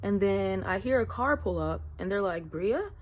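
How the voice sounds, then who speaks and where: Woman vlogger, mid-pitched, casual storyteller who rambles with fillers. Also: animated, normal speed, slight background noise. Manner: chatty, rambling, many fillers.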